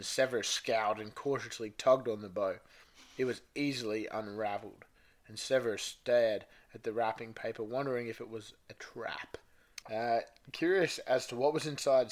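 A man co-hosting a podcast reads fanfiction aloud. His voice sits at a middle pitch. He keeps a light, playful tone. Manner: playful, breaks into laughter while reading. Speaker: podcast co-host.

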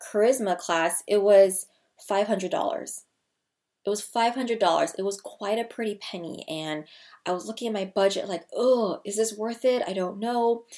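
A woman in her thirties, a people skills coach, talking straight to her viewers in an energetic way and repeating key phrases for emphasis. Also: mid-range voice. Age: 30s. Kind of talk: scripted-feeling casual vlog talk to camera.

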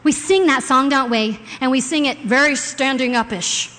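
A woman preaching a sermon in a church, expressive, moving between hushed reading and loud, sung passages. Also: high voice, moderate pace. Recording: long hall reverb.

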